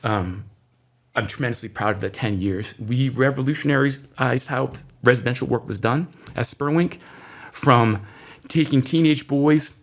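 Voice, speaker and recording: A middle-aged man from Maine, an interview guest, telling a personal story in a lively way and acting out the voices of people in it. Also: medium pitch, unhurried. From Maine, USA. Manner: animated storyteller who acts out quoted voices. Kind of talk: storytelling in conversation.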